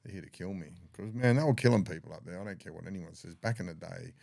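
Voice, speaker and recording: A man's voice: deep voice, fast talker, vocal fry, a little mellow, no room sound, clean studio sound. An older Australian man telling his story in a blunt, profane way, often acting out what others said. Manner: blunt, swears freely, acts out dialogue. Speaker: podcast guest. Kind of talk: candid storytelling.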